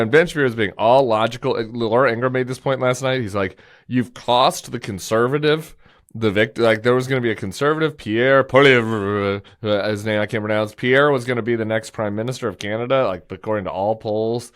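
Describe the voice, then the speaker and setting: A man co-hosting a political podcast in casual chat, animated and often mimicking the people he talks about. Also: on the low side, fast talker. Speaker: podcast co-host.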